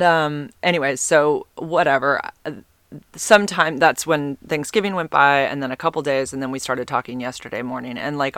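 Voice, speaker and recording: A woman's voice: low-pitched, fairly bright tone, no echo. A woman in her forties telling a rambling dating story in a casual vlog, full of fillers and asides. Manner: chatty, rambling, lots of fillers and self-interruptions. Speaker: vlogger.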